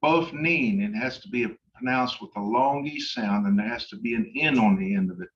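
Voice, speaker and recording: A man teaching an online language class, explaining grammar slowly with many pauses and fillers. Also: on the low side, recorded from a distance, muffled recording. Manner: slow and halting, many uhs.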